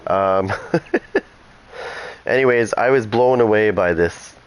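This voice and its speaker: Low-voiced man rambling over gameplay. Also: slow, smooth, rough recording. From Canada. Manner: rambling and chatty, trailing off into asides. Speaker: gaming streamer. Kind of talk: casual chat over gameplay.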